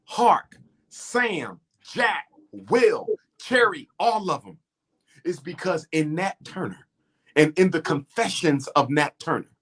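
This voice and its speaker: A man's voice: a little high, big pitch swings, takes it slowly, fairly bright tone, husky. A middle-aged man speaking as an interview guest, impassioned and preacher-like, building his points through rhythmic repetition.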